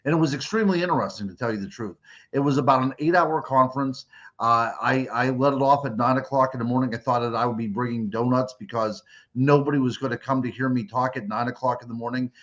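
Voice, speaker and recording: A man's voice: medium pitch, quick pace, fairly bright tone. Chatty man on a muffled call-in line. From Western Pennsylvania. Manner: chatty, joking, with small restarts. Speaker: guest, cryptid author. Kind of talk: casual radio interview.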